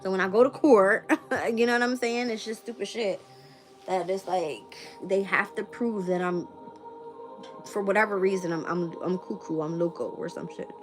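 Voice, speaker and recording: A woman's voice: medium pitch, normal speed, over music. A woman hosting a tarot channel in a casual live-stream chat, blunt and profane and laughing often. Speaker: tarot reader and channel host.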